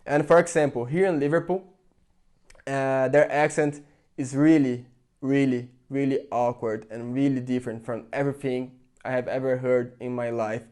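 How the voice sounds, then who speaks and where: A man's voice: mid-range voice, fairly even intonation, moderate pace, a little mellow. A young man from Brazil, speaking English with a Brazilian Portuguese accent, giving an earnest, chatty opinion to his viewers with lots of "like" fillers. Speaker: vlogger. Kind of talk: casual opinion talk to camera.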